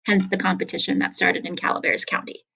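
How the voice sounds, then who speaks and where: A woman's voice: mid-range voice, flat delivery, quick pace, creaky, sharp tone, husky, poor audio. A woman summarizing a story in a casual, conversational way and then reading it aloud. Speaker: reader.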